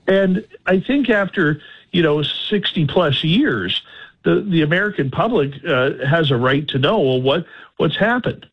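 A man's voice: fairly high pitch, animated, unhurried, slightly rough. A male podcast host talking in an earnest, emphatic way and posing questions. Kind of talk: casual conversation. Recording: slightly dull audio.

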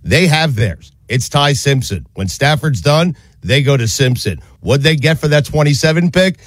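A man's voice: on the high side, lively intonation, moderate pace, no room sound. A man hosting a casual sports talk show, emphatic, laughing often and handing off to his co-hosts. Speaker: sports radio host.

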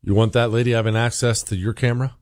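A man's voice: mid-range voice, fairly even intonation, fast talker, a little mellow. A man hosting a talk radio show, delivering an emphatic opinion monologue full of rhetorical questions.

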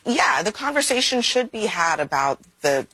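A woman speaking on a panel discussion in a measured, deliberate way. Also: mid-range voice, big pitch swings, bright, forceful tone, slightly rough, no room sound, poor audio.

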